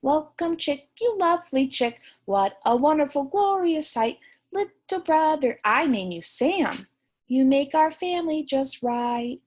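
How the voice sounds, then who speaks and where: A woman voicing an excited little girl penguin in a read-aloud storybook, squealing and breathless. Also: very high voice, slow, voice pushed up, full character voice.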